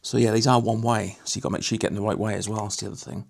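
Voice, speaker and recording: A man's voice: fairly low pitch, little pitch movement, very fast, gravelly, a little mellow. A man hosting a casual livestream, chatting and teasing viewers while he works on a guitar. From Lincolnshire, England. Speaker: livestream host.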